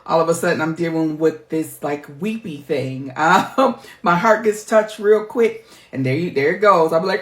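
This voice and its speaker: A woman's voice: low-pitched, a little slow. A middle-aged woman, a life coach, talking candidly to her viewers in a heartfelt, emphatic, chatty way. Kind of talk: candid personal vlog talk. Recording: roomy echo.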